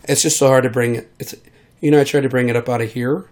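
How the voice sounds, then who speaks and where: A man's voice: mid-range voice, steady tone, fast talker, darkish tone. A man who is sick, rambling in a casual monologue and trailing off with many fillers. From United States. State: sick, voice hard to control. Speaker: vlogger.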